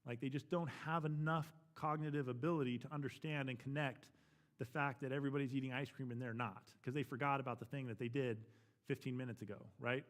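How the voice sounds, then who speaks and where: A man's voice: mid-range voice, fairly even intonation, fast talker. A man teaching a church parenting class, talking frankly and matter-of-factly, often checking in with "right?".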